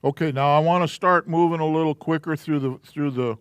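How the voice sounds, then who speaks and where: A man's voice: fairly high pitch, fairly even intonation, brisk, clean tone, no room sound, studio quality. A man teaching the Hebrew alphabet to a live class in a church, patiently walking through letters and sounds step by step.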